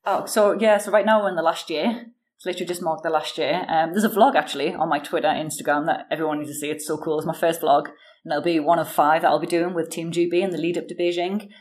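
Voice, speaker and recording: A British woman in her thirties, speaking in a low voice at a quick pace, chats casually as an interview guest. She tells stories animatedly and uses lots of fillers.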